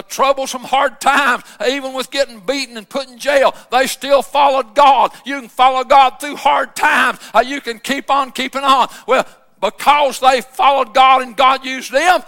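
A man, preaching a fervent shouted sermon as a pastor, full of uh fillers. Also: very high-pitched, big-room sound.

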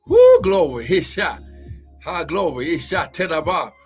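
A man preaching and praying fervently in a live-streamed sermon, often shouting and whooping and breaking into tongues. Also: on the high side, a little slow, husky, soft background music.

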